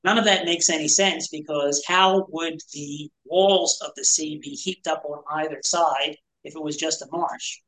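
A man's voice: a little high, steady tone, unhurried, few pauses, pushed and bright, poor audio. A man teaching a Bible study to a small group in a conversational, explanatory way, asking rhetorical questions.

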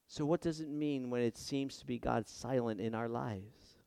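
A male pastor preaching a sermon with impassioned delivery, moving between hushed passages and loud emphatic ones. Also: mid-range voice, moderate pace, gravelly, dry recording, studio quality.

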